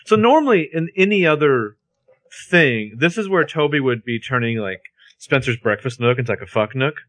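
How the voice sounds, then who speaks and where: A man's voice: mid-range voice, expressive, moderate pace, a bit bright, dry recording. A man co-hosting a casual podcast, narrating a TV episode with wry, exasperated jokes. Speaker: podcast co-host. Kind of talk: casual recap chat.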